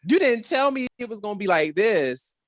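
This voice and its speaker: A podcast co-host in a casual review chat, animated, acting out characters' reactions and laughing often. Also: medium pitch, moderate pace, crowd noise.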